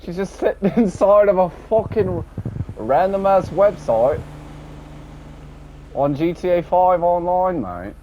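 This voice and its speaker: A man rambling casually about an online game session, swearing often and tacking on a low, dropped "mate". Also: lively intonation, slow pace, pauses often. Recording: dull lo-fi audio with faint background noise.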